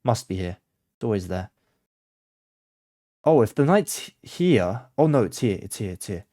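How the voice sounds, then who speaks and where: A man's voice: on the low side, very animated, normal speed, no room sound, clean studio sound. A man thinking aloud as he plays blindfold chess for his channel, muttering his moves and getting flustered when he loses track of the board. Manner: mutters moves to himself, swings between quiet focus and flustered panic. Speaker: chess content creator.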